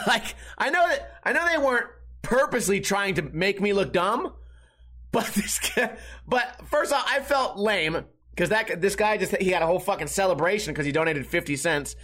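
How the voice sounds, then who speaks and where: Animated profane man telling a story. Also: sits high, moderate pace. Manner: profane, animated, acts out people and sound effects. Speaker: podcast host. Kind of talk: casual solo storytelling.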